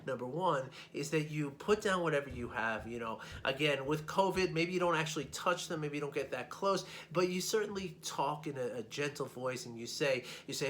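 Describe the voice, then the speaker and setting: A male life coach at a medium pitch gives a loose, conversational talk, checking in with his listeners over and over and stumbling into repeated words. A faint hum sits behind his voice. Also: fairly quick, hardly any pauses, fairly bright tone. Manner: chatty, frequent "right?" check-ins, repeats words. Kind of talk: casual teaching talk.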